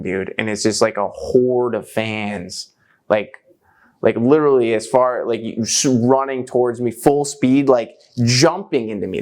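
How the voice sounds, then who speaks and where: A young man chatting casually, telling stories with lots of slang and filler words. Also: medium pitch. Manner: animated, slangy, lots of "like" and "bro". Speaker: musician and guest. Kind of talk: casual storytelling chat.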